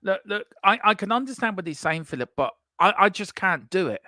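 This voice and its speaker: Animated, jokey man. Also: high-pitched, a little fast, no echo, clean studio sound. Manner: animated, jokey, repeats himself. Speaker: co-host of a fan channel show. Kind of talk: casual fan chat, reading comments.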